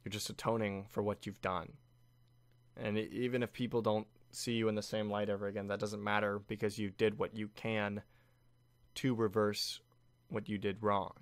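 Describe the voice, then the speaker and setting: A calm, steady young woman, as a man reads her lines gives counsel in soft, measured words. The voice stays low and close to the man's own, with a dry sound. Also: no echo, close to an everyday voice. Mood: gentle.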